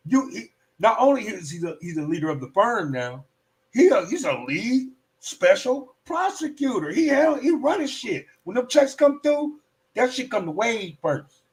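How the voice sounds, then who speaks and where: Animated profane man ranting commentary. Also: high voice, moderate pace. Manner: animated, profane, slips into mock voices. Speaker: live stream host. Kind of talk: casual heated commentary.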